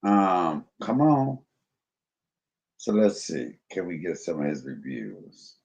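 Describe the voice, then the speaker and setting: A man's voice: low voice, very animated, slow, vocal fry, darkish tone, dull audio. A man hosting a live stream, chatting casually and musing aloud while he looks up videos. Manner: musing, chatty, filler-heavy. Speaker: stream host.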